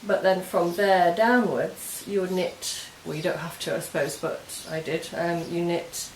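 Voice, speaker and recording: Woman, lowish voice, casual show-and-tell chat, meandering explanations, echoey room, faint hiss. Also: fairly even intonation, a little slow. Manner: chatty, meandering, explains step by step. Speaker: knitting podcast host. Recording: roomy echo with faint hiss.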